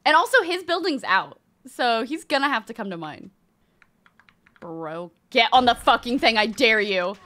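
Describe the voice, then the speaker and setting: A woman streamer giving live gameplay commentary, excitable, cursing and laughing often. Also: a little high, moderate pace.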